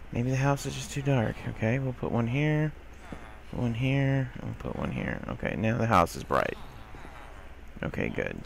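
Gravelly and fairly low-pitched, a man plays a game and comments casually, exasperated and grumbling as he talks back to the characters and swears mildly. Slight background noise is audible.

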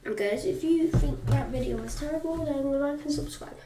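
British female reactor, mocking and defensive, dark mellow voice; roomy far-off recording with a faint hiss. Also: high-pitched, normal speed. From Britain. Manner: defensive, mocking, talks back at the screen. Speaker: YouTuber reacting to a video. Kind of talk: casual reaction commentary. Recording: roomy, distant mic, faint background noise.

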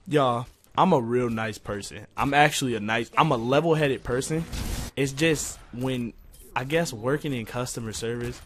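A young man venting to his viewers in a profane, exasperated rant, going quiet when he calms down. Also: slight background noise. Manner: profane, exasperated, jumping pitch when heated. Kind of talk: casual rant to camera.

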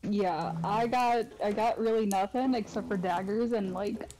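A woman taking part in a tabletop roleplaying game. She speaks casually and haltingly, pausing to think. A faint noise sits under her voice. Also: mid-range voice, mellow, rough recording. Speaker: player.

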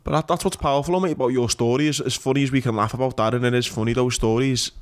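A man hosting a podcast, speaking casually with his guest in an informal, supportive way. His voice sits at an ordinary, middle pitch. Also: steady tone, fast talker. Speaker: podcast host. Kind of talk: casual chat.

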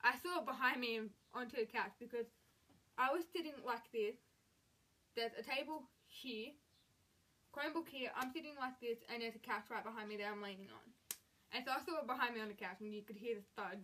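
A woman's voice: fairly high pitch, bright, forceful tone. A woman in her late teens telling a frustrated storytime rant about school, with an emphatic, exasperated way of retelling what happened. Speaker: vlogger.

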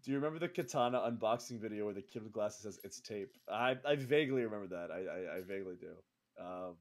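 A man's voice: on the low side, expressive, fast. A man co-hosting a podcast, telling a profane, self-mocking story in a casual way. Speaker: co-host of a wrestling podcast.

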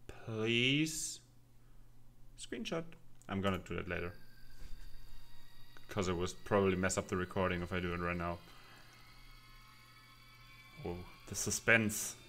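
Excitable man reacting, bright voice. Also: lowish voice, slight background noise. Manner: animated, exclaiming, quick asides and laughs. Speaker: reaction video host.

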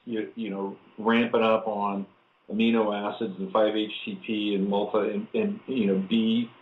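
A man hosting a radio talk show, answering his guest in a relaxed, supportive way. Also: on the low side, normal speed, a little hiss or hum. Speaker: host. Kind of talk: casual radio chat. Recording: tinny phone-like sound in a roomy space.

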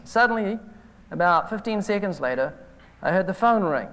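High-voiced man preaching a sermon. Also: moderate pace. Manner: storytelling, animated retelling of phone calls. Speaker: evangelist preacher. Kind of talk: sermon with anecdotes. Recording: hall reverb from an old videotape.

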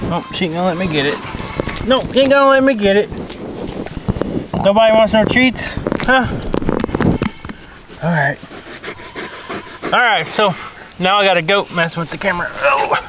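A man's voice: high voice, animated, normal speed, long pauses, heavy background noise. A man, a farmer vlogging casually outdoors and chatting with his dogs. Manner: easygoing, chats with his dogs. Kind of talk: casual vlog narration. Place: outdoors on a farm.

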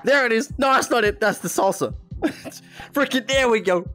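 A man's voice: extremely high pitch, normal speed, a bit bright, soft background music. A young Australian man chatting casually on a live stream, laughing often and reading chat aloud.

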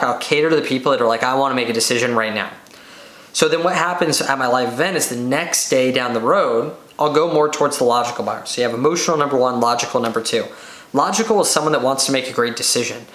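This man hosts a business podcast alone, speaking at medium pitch with high energy. He rattles through quick lists and mimics thrilled buyers, with a roomy echo in the recording.

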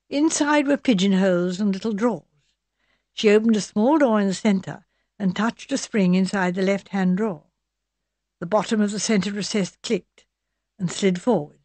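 Female audiobook narrator, measured and even, dry studio read. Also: mid-range voice, dry recording.

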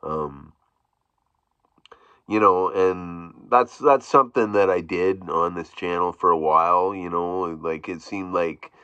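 A man with a very low voice talks through a casual vlog, wandering from thought to thought with restarts and little chuckles. His tone is bright and pushed forward. The recording is dry and somewhat muffled. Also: clean tone, dry recording. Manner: rambling, halting, with frequent restarts and chuckles. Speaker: YouTube vlogger. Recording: dull, dry, lo-fi sound.

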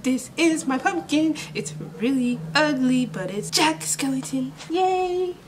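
A woman's voice: high voice, unhurried, distant mic, slight background noise, poor audio. A woman vlogging in a chatty, exclamatory way, talking straight to her viewers. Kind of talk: casual chat to camera. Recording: music playing under the voice. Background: spooky background music.

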